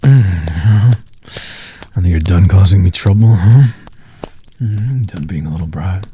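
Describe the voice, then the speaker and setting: Dominant male lead for intimate audio role-play: low, slow, rough-edged delivery with heavy breaths over a noisy recording.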